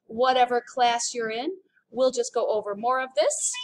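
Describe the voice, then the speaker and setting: An American woman teaching a recorded French lesson, upbeat and explaining slowly as she demonstrates sounds. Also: on the high side, lively intonation. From United States.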